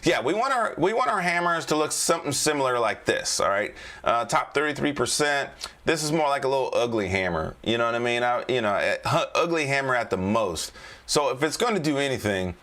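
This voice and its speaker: A man hosts a relaxed trading livestream, walking through charts in loose, repetitive talk. He keeps checking in with viewers, urging them to answer in the chat. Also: medium pitch, brisk. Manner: loose and repetitive, coaxing the chat with "all right?". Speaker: trading coach and livestream host. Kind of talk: casual live-stream market commentary.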